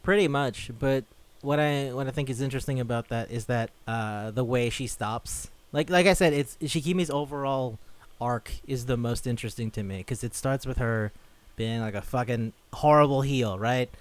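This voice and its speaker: A man's voice: medium pitch, normal speed, clean tone. A man co-hosting a podcast in casual chat, swearing freely and acting out quotes as he talks. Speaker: podcast co-host.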